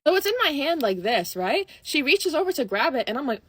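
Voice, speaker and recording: Animated young woman telling a story. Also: high voice, quick pace, few pauses, dry recording. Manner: animated, acts out dialogue, dramatic swings between loud and hushed. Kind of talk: story time vlog.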